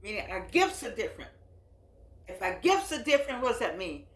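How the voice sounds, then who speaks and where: A woman's voice: medium pitch, big pitch swings, a little fast, a bit bright. Brief: woman in her eighties, preacherly and repetitive, phone recording with room echo. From United States. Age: 80s. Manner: emphatic, repeats phrases, folksy and preacherly. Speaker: host. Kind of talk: impassioned address to camera.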